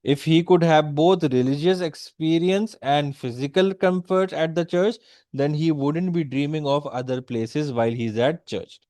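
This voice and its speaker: A man's voice: on the high side, a little slow, darkish tone, dry recording. A man with an Indian English accent giving a poetry lecture, mixing in Hindi and often checking in with "okay?". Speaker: literature teacher.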